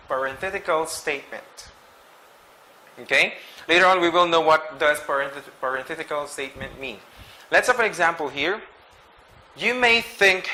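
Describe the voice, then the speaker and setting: An English teacher gives a grammar lesson in a high, bright, forceful voice, captured on a low-quality recording. He explains slowly and patiently, often checks in with "okay?", and restarts to correct himself mid-phrase.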